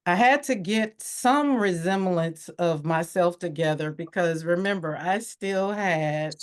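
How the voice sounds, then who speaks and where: A woman with a fairly low voice speaks as a podcast guest, telling her own story. She sounds candid and reflective, and her voice comes alive when she acts out what others said. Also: a little slow. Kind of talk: personal storytelling interview.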